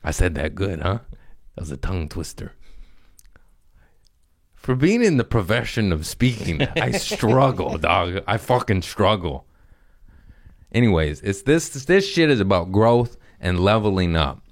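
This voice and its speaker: Animated, low-voiced man riffing on a podcast. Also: a little slow, pauses often, no room sound, clean studio sound. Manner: joking, profane, self-mocking, laughs often. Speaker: podcast host. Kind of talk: rambling comedic podcast monologue. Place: his apartment.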